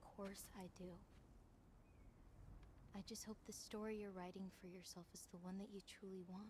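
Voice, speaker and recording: An actress voicing a playful, teasing young giantess in a video game, giggly and later gently doubtful. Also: female voice, mid-range voice, flat delivery, normal speed, lightly acted. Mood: gentle. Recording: game audio with loud background noise.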